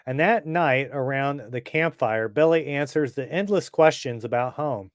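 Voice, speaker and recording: A man's voice: mid-range voice, normal speed, hardly any pauses, no echo, studio quality. A man reading a comic book aloud in a casual way, adding fillers and side comments.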